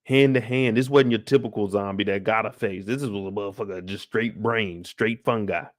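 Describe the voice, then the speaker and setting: A man's voice: fairly low pitch, moderate pace, dry recording, studio quality. A young adult man recapping a TV episode in casual, profane commentary. He acts out the scenes with voices and sound effects, and sounds tired, sighing between lines. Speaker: YouTube show recap host.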